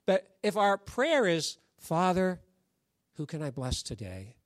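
A male pastor delivering a casual, story-filled sermon, his voice sitting a little higher than most men's. The sound is dry and close, with almost no room around it, and he slips into the voices of the people in his stories as he goes. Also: huge pitch swings, slow, no echo. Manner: conversational storytelling, acts out quoted voices. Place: church sanctuary.

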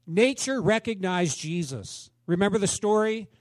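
A man in his fifties preaching a sermon, telling stories dramatically and swinging between loud exclamations and hushed asides. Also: high-pitched, lively intonation, measured pace, no echo. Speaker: pastor.

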